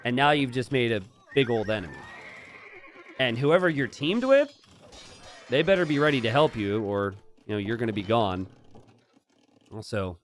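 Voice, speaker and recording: A man casting a strategy game, chatty and jokey, bursting into excited shouts and laughter. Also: medium pitch. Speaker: game caster. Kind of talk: live strategy game commentary.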